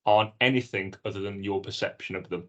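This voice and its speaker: A man co-hosting a podcast, telling his own experience in an earnest, animated way. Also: on the low side, fast talker. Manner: earnest, animated storytelling with acted-out inner dialogue. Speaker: podcast co-host. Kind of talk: casual chat.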